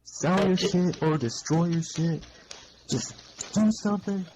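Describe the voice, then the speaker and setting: A man's voice: high-pitched, takes it slowly, a little mellow, a little hiss or hum, poor audio. A man taunting and bossing someone around in a mocking tone. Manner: mocking and bossy. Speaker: prank caller. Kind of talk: taunting phone chat.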